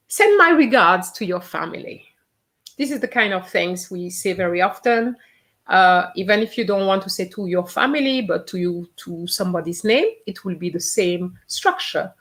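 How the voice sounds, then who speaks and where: Slow, patient woman teacher. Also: medium pitch, a bit bright. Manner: patient, repeats each phrase slowly to model pronunciation. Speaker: French teacher. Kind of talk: live online language lesson.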